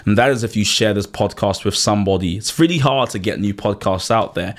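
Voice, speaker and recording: Podcast host guy, lowish voice, earnest, repeats himself asking for subs. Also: brisk. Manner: earnest, repeats words, urges listeners directly. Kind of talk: interview questions and podcast outro.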